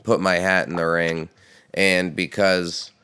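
A man hosting a casual podcast chat, a profane, animated storyteller who laughs often. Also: low-pitched, slow pace, a little hiss or hum. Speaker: podcast host and touring musician.

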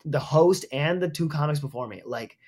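A man, a stand-up comedian guest, talking loudly in a casual podcast chat, with lots of fillers as he tells stories. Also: a little high, normal speed. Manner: loud, animated storytelling with many fillers.

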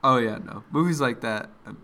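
An easygoing young man in casual chat, with a medium-pitched voice. He mostly answers in short reactions and now and then tells a quick story of his own. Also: pushed and bright.

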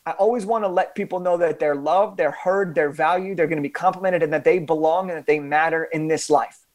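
A young adult man, an author and podcast guest, telling a story with animated emphasis and frequent restarts. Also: on the high side, brisk.

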